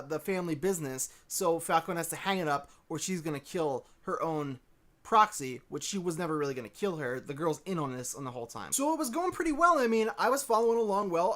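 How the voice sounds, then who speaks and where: Animated man recapping a TV episode. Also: high-pitched. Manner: animated, sarcastic, jumps between excitement and annoyance. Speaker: TV show reviewer. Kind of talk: casual recap and review.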